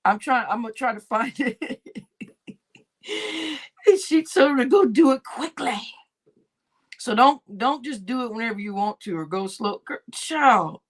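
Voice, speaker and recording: A woman's voice: on the high side, expressive, a little slow, pauses often. A woman hosting a casual livestream, laughing constantly between remarks and swearing freely. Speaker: livestream host.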